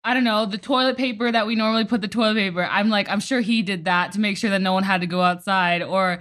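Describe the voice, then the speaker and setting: A woman's voice: mid-range voice, steady tone, fast, a bit bright. A young adult woman, a daughter, speaking hesitantly in a casual family chat with lots of "like". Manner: hesitant, filler-heavy.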